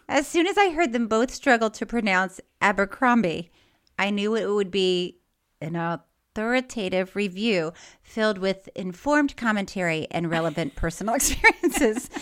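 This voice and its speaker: Woman podcast co-host, giggly and playful, lively up-and-down voice, casual chat. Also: mid-range voice. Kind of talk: casual chat, reading listener mail.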